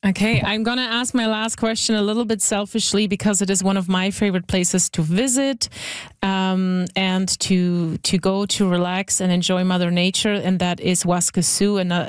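A woman's voice: medium pitch, clean tone, dry recording. A woman hosting a radio show, chatting in a friendly way with fillers as she asks her guest questions.

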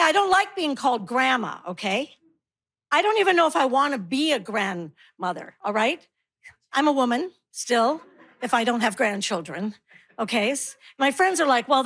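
High-voiced sassy woman comedian. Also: very animated, normal speed, a bit bright. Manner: sassy, playful, mocking impressions. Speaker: stand-up comedian. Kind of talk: stand-up comedy set.

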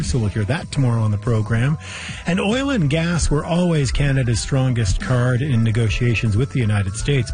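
A male radio host reads a scripted promo in a brisk announcer delivery. His pitch is ordinary, with faint music underneath. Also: a little mellow.

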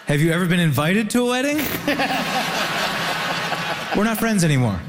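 A man's voice: high-pitched, moderate pace. A man from Ontario doing stand-up style banter as a comedy panelist, wry and rambling, on stage before a live audience. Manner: wry, rambling, deadpan jokes. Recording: roomy hall with live audience and noise.

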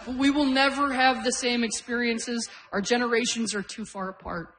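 A woman's voice: a little high, steady tone, moderate pace, fairly bright tone, poor audio. A woman in her forties from Canada performing a stand-up comedy set, telling brash, self-deprecating stories. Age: 40s. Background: audience laughter.

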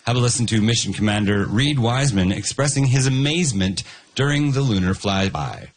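A man's voice: medium pitch, expressive, brisk, husky. A man hosting a comedy news quiz, joking and reading out headlines. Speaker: quiz show host.

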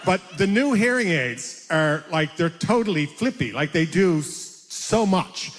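An older man from Canada, a comedian guest telling animated anecdotes in an interview and acting out voices. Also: fairly high pitch, a little slow, long reverb tail. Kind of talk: storytelling interview chat.

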